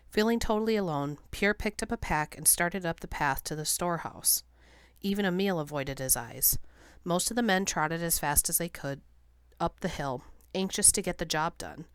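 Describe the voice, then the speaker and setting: A woman reading a novel aloud as an audiobook narrator, in a steady, measured way. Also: on the low side, clean tone, no echo, clean studio sound. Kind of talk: scripted narration.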